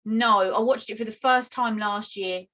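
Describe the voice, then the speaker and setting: A woman's voice: medium pitch, moderate pace, pushed and bright. A British woman co-hosting a podcast, chatting casually and laughing often. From United Kingdom. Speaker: podcast co-host. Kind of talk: casual chat.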